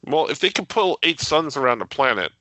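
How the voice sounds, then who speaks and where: A man's voice: on the high side, sing-song, fairly quick, pushed and bright, dry recording. A man co-hosting a podcast, chatting playfully and hesitantly about a TV episode. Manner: playful, hesitant, laughs off his own slips. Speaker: podcast co-host. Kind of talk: casual chat reviewing a TV episode.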